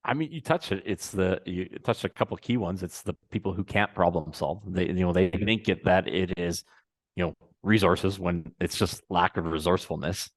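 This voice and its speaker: A man giving business advice as a podcast guest, explaining quickly and leaning on "you know". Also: sits low, no echo. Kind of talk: conversational advice.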